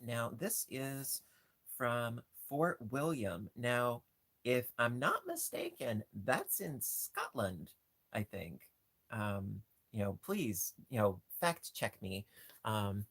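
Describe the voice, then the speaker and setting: A man chats casually as a livestream host in a mid-range voice, rambling along with restarts and ums. He keeps gushing and breaking into squeaky high squeals. The sound is dry and close, with no room echo. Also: sing-song, takes it slowly, vocal fry, a bit bright. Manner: gushing, jumps to squeaky high pitch on cute things.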